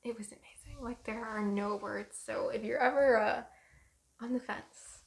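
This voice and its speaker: A young woman in her twenties rambling through a personal story in a vlog, soft and emotional with many pauses and ums. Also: on the high side, creaky. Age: 20s. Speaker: vlogger.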